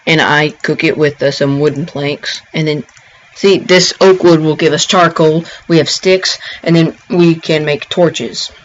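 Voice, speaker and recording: Guy talking thru a game tutorial, kinda high voice, lots of ums and restarts, muffled lo-fi sound. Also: steady tone. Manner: rambling, halting, with frequent ums and restarts. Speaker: gameplay tutorial maker. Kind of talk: casual gameplay tutorial narration. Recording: dull lo-fi home recording.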